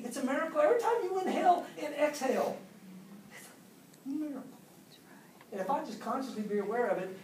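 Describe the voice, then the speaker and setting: Animated high-voiced man at a seminar. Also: a little hiss or hum. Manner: animated, acts out quotes with big pitch jumps. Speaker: speaker at a business seminar. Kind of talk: motivational seminar talk. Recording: echoey room, voice from far off.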